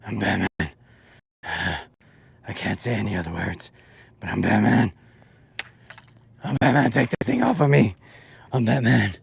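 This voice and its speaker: A man doing a breathy, whispered Batman, a masked male hero who sounds like he is running out of air. The voice sits low and hushed, and the parody is exaggerated and mocking. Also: lively intonation, a little slow, long pauses, full character voice.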